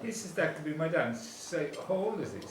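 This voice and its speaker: A man's voice: fairly high pitch, lively intonation, fast. Dry man recounting a phone call. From Ireland. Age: 50s. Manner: dry, relays phone conversations line by line. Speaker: reunion organiser. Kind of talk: after-dinner storytelling. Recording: roomy hall, distant mic, background noise.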